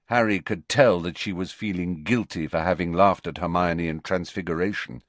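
A man narrating an audiobook with expressive, varied storytelling. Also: low voice, moderate pace, no room sound. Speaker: audiobook reader.

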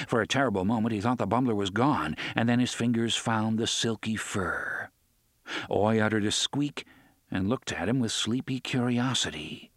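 A man narrating an audiobook in a steady, measured storytelling voice, close to the mic. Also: medium pitch, dry recording. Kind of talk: scripted narration.

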